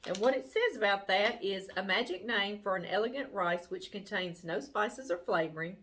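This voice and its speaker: A woman's voice: mid-range voice, fairly bright tone. A middle-aged woman, hosting a cooking channel and chatting casually as she opens fan mail, gushing and laughing often.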